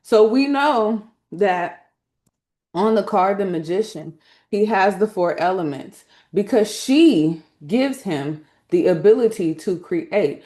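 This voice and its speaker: A woman's voice: medium pitch, lively intonation, slow, mellow. A woman teaching spiritual lore through tarot cards in a casual, emphatic way, speaking colloquially and often checking in with her listeners. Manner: colloquial, slangy phrasing.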